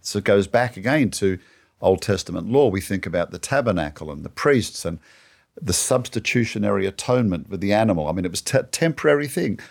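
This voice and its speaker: Deep-voiced man explaining scripture. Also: expressive, a little fast, creaky. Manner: earnest, explanatory, leans on "you know". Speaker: co-host of a Bible teaching show. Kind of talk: conversational Bible discussion.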